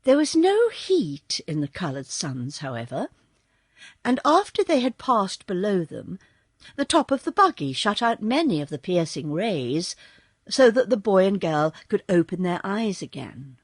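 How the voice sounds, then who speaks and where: Woman, audiobook narrator, unhurried storytelling, animated pitch, breathy, close dry mic. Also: no echo. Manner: slow, expressive storytelling. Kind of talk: scripted narration.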